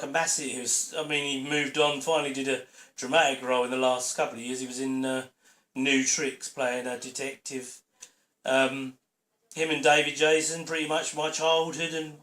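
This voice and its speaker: A man's voice: fairly high pitch, sharp tone. A man giving a rambling, opinionated audio commentary over a sitcom episode on his channel. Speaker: channel host. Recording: roomy echo.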